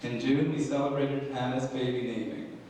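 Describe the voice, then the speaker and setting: A man's voice: medium pitch, level tone, normal speed, a little mellow, a little hiss or hum. A man narrating a family slideshow at an anniversary party in a plain, informal way. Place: large banquet hall. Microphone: far room microphone. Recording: echoey hall from far off.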